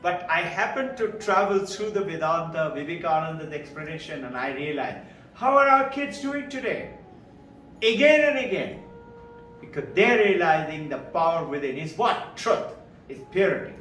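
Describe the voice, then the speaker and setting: A man in his seventies from India with an Indian English accent, telling stories to a live audience as a spiritual speaker, acting out the voices of others and chuckling as he goes. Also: high voice. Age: 70s. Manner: animated, acts out quoted voices, chuckles. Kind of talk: storytelling talk to a live audience. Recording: echoey hall, distant mic, faint music.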